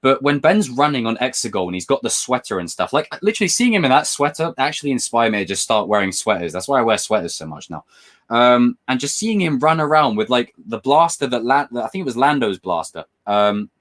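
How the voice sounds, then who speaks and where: A man hosting a casual livestream, reading chat messages aloud and talking with excitement and the odd swear word. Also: mid-range voice, brisk. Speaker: livestream host.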